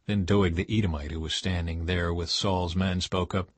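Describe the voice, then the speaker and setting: A man narrating a Bible audiobook in a measured, expressive reading voice. His tone is slightly husky, and the recording is dry and close, as if made in a small booth. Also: sits low, dry recording.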